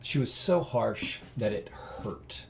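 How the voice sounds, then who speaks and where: A man's voice: medium pitch, slow, gravelly, a little hiss or hum. Earnest man rambling through a personal story. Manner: earnest, rambling, with many fillers and restarts; grows loud and animated when telling emotional parts. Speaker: interview guest.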